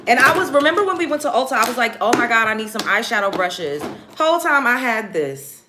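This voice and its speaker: A woman hosting a casual get-ready-with-me live stream, chatting directly to her viewers in an animated way. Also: a little high, fairly quick, noisy background.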